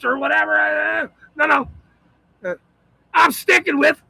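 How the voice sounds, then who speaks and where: A man in a profane, shouting monologue, ranting as the host of his own channel. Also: extremely high pitch, normal speed, vocal fry, dry recording, low-quality recording. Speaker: citizen auditor channel host.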